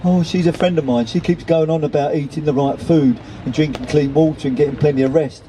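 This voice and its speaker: A man's voice: a little high, steady tone, brisk, dark tone, slight background noise, natural voice, rough recording. A man reading aloud, voicing an eager male pigeon with a put-on Cockney accent. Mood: sheepish.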